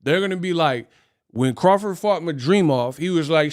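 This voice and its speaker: A man's voice: on the high side, measured pace. Ranting man hosting a live stream. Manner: animated, ranting, laughs often. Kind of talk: casual reaction rant.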